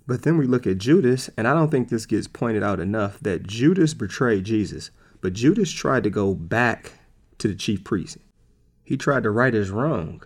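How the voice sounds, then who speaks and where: A man's voice: fairly low pitch, expressive, moderate pace. A man preaching a casual sermon, talking conversationally and repeating words for emphasis.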